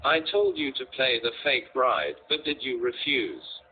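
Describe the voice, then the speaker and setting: A bullying young street thug, sneering and scornful, as a man reads him in a storybook. The voice drawls slowly and sounds thin and tinny, with a faint hiss underneath. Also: medium pitch, very animated. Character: sneering young male mob boss, bullying.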